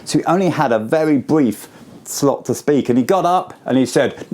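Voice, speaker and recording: A man in his forties giving a school assembly talk, telling a story to children in simple, lively words. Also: mid-range voice, normal speed. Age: 40s.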